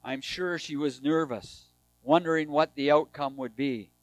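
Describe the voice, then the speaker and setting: A man preaching a sermon, reading scripture aloud, swinging between raised emphasis and hushed, tender lines. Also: fairly high pitch, measured pace, no echo, faint music behind, poor audio.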